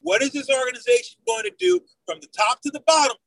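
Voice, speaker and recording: A man co-hosting a sports talk show, arguing loudly and emphatically, hammering his points home with repeated phrases. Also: very high voice, big pitch swings, fast, vocal fry, no room sound, distant mic, poor audio. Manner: loud, emphatic, repeats "I'm telling you right now". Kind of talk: heated sports debate.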